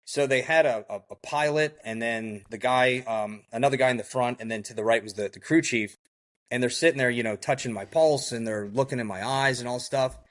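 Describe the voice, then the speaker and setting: A man with a voice of middling pitch tells his story as a podcast guest, in a loose and animated way. He keeps dropping "like" and "you know," and he slips into other people's voices when he repeats what they said. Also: a little fast. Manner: heavy use of "like" and "you know". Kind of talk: recounting a survival story in a podcast interview.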